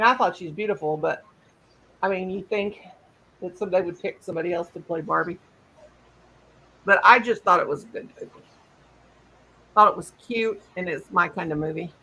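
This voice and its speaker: Gravelly, husky woman chatting on a stream. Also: lowish voice, sharp tone, low-quality recording. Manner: rambling, trails off mid-sentence. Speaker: live stream host. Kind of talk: casual live-stream chat.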